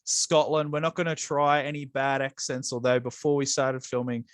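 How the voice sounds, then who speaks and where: A man's voice: mid-range voice, normal speed, smooth, no room sound. An Australian man co-hosting a casual football chat show, talking loosely with plenty of fillers and restarts. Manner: relaxed, hesitant with fillers. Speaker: co-host.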